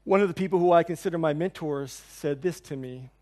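A male pastor preaching a sermon to his congregation, telling a personal story earnestly and dropping to hushed tones on key lines. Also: a little high, a little fast. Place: church hall before a congregation.

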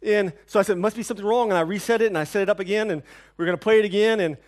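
A man preaching a sermon, telling a personal story with lively, animated delivery that drops to hushed, somber tones. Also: high voice, very fast. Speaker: pastor.

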